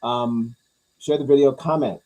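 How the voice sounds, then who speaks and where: A man's voice: mid-range voice, steady tone, unhurried, music in the background, rough recording. A man giving casual, profane, rambling reaction commentary as a vlogger. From New York.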